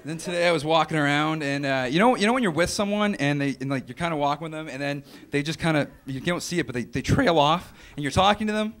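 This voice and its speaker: A man's voice: on the high side, animated, fast, hardly any pauses, fairly bright tone. A young man doing a stand-up set on a club stage, rambling and offhand, slipping into acted-out voices. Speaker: stand-up comedian. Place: comedy club stage with a laughing audience. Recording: noisy club recording.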